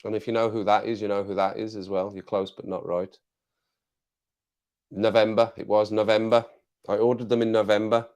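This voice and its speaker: A man's voice: on the low side, little pitch movement, brisk, darkish tone, highs cut off. An English man hosting a casual live stream, chatting to viewers in a rambling way, repeating phrases and laughing often.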